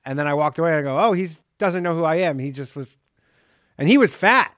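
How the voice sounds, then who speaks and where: A man's voice: fairly high pitch, expressive, fairly quick, a bit bright, dry recording, studio quality. A man co-hosting a podcast, telling a funny story casually and laughing along. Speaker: podcast co-host. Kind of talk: casual comedic chat.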